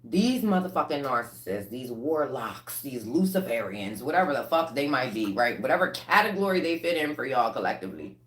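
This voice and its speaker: A woman tarot reader talking to her viewers in a casual livestream reading, blunt and profane, with lively rants. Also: very deep voice, a little fast, hardly any pauses, echoey room.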